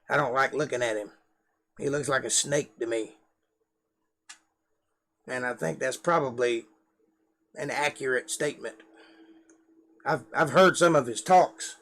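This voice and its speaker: A man's voice: mid-range voice, fairly bright tone. Southern-drawling man chatting on a live stream. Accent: Southern US (Georgia) drawl. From Georgia, US. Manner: rambling, self-deprecating, conversational. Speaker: live-stream host, musician. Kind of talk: casual live-stream chat to camera.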